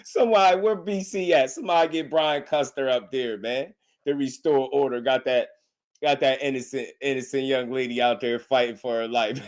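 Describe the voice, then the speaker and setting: A man giving casual boxing commentary on a live stream, slangy and animated, laughing often. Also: medium pitch, moderate pace.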